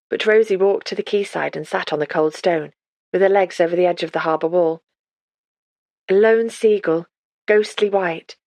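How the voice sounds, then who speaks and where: A woman reading a novel aloud as audiobook narrator, calm and measured. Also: fairly low pitch, no room sound. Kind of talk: scripted narration.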